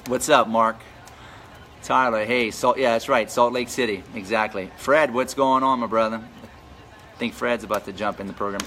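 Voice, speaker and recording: A man's voice: medium pitch, fairly even intonation, moderate pace, fairly bright tone, a little hiss or hum. A man coaching real estate wholesalers on a live stream, talking energetically and greeting viewers by name as he goes. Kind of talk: casual live-stream pep talk.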